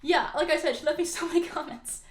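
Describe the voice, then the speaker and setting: Young woman, sarcastic reaction host, slightly high voice, echoey room. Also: quick pace. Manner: chatty, exasperated, sarcastic. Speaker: content creator reacting to comments. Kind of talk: casual reaction commentary.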